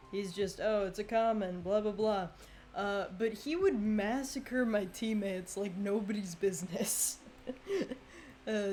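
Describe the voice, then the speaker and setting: A young woman talks casually over her own gameplay, unhurried and relaxed in her delivery. She breaks into laughter often and reacts loudly when the game goes wrong. Faint music plays underneath her voice. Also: medium pitch. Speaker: streamer.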